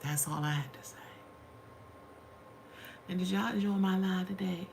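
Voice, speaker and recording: A woman's voice: fairly low pitch, normal speed, gravelly, a little mellow, a little hiss or hum. Chatty woman hosting a livestream. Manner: chatty, calls viewers honey and y'all. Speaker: livestream host. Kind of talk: casual livestream storytelling. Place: home.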